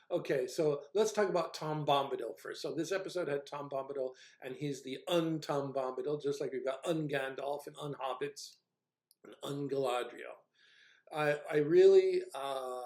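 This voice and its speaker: A man's voice: fairly high pitch, darkish tone, reverberant. A man giving casual spoken commentary as a video reviewer, rambling and hesitant with a wry, grumbling manner. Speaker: video essayist reviewing a TV series.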